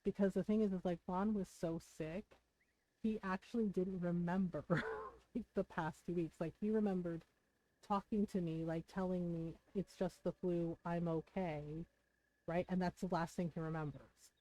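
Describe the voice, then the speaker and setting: A woman's voice: fairly low pitch, steady tone, normal speed, dark tone, low-quality recording. A woman streamer casually and earnestly retelling a personal story in detail, recounting conversations.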